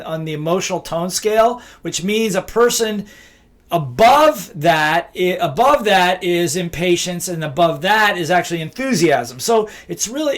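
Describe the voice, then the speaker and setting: Emphatic high-voiced man teaching. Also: fairly bright tone. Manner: emphatic, repeats key phrases, acts out both sides of dialogues. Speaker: business speaker and trainer. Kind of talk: motivational teaching talk.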